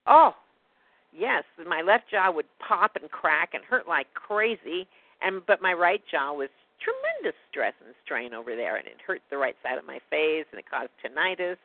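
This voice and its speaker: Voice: medium pitch, wildly swooping pitch, normal speed, vocal fry, no echo. A guest telling a personal story in a rambling, indignant way during a casual phone conversation. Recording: tinny phone line, dry.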